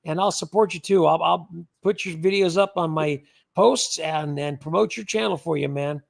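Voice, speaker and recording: An older man hosts a livestream, chatting casually and rambling as he reads out viewer comments, often repeating words. His voice is a little high with vocal fry, and he speaks at a normal speed.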